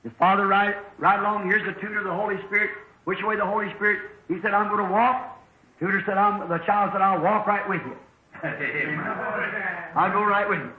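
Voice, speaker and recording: A preacher with a notably high voice tells a homespun parable from the pulpit and acts out each character's lines. The recording is an old sermon tape that sounds dull and echoey, as if captured in a reverberant church. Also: male voice, steady tone, normal speed. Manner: folksy storytelling preacher, acting out dialogue with shifting voices.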